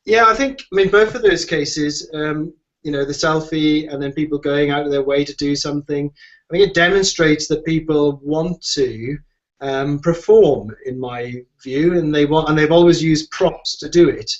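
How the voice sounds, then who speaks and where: A guest design expert answers questions in an online discussion, rambling with many restarts and fillers. His voice is a little high at a moderate pace, and the audio is muffled and lo-fi.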